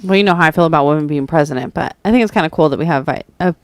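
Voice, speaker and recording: A woman's voice: deep voice, very fast, no echo. Sarcastic female radio co-host. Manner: joking and sarcastic, laughing often. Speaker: radio talk show co-host. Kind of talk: casual banter.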